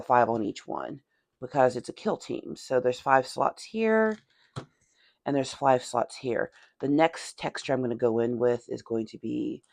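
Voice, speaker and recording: A gravelly, darkish bass voice belongs to a chatty woman from Tennessee with a Southern accent. She talks her way through a miniature painting in a laid-back hobby vlog, often laughing and murmuring or whispering to herself, recorded dry.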